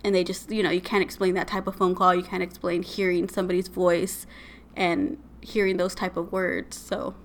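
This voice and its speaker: This podcast co-host chats her way through creepy tales with lots of "like" and "right?", her pitch fairly low and her tone flat at an ordinary pace. There's a slight hiss of background noise.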